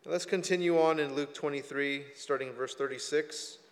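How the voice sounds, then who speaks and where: A male pastor preaching a sermon and reading scripture, reflective and measured, with emphatic rises when he quotes the text. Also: on the high side, fairly even intonation, in a large hall.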